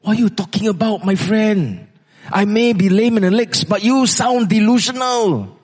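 A preacher putting on a pleading lame beggar. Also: male voice, on the high side, unhurried, darkish tone, long reverb tail. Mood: incredulous. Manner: wheedling, pleading calls for coins. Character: lame male beggar at temple gate, pleading.

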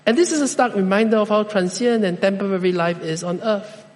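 High-voiced preacher in a reverberant hall. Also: male voice. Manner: slow, deliberate preaching with measured pauses. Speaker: pastor. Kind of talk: sermon.

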